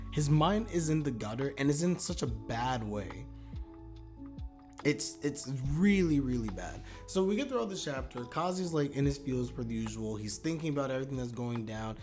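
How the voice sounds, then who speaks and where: A young man talking casually and animatedly in a video review, rambling with fillers and restarts. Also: mid-range voice. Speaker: manga reviewer.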